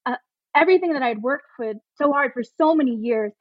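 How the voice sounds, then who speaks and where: A woman with a fairly high voice speaks as a podcast guest, earnest and emotional, often restarting her sentences. The recording is dull and dry, with no room sound around her. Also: fairly quick, no echo. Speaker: podcast guest, plus-size pregnancy advocate. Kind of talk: conversational interview.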